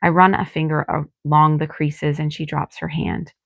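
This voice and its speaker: A woman reading her own novel aloud in calm first-person narration. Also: deep voice, moderate pace, creaky, dry recording. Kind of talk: audiobook reading.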